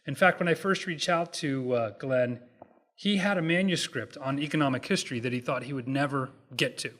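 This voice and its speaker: A middle-aged man giving a talk as an economist at a hotel event, relaxed and self-deprecating, with halting restarts and jokes. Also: mid-range voice. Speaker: guest speaker, economist. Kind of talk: public lecture with jokes.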